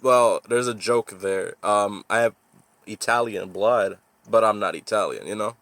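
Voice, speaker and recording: A man's voice: on the low side, a little slow, fairly bright tone. A young man hosting a casual podcast chat, laid-back, laughing often and calling people dude and bro. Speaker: podcast host.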